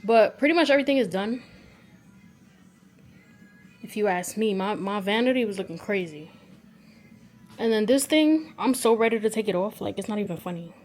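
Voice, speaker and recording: A woman in her twenties from New York, chatting casually to the camera while tidying her bedroom and thinking out loud about where things should go. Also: mid-range voice, lively intonation, moderate pace, pauses often, soft background music. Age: 20s. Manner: chatty, thinking aloud, often unsure. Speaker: vlogger. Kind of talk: casual chat while cleaning. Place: bedroom at home.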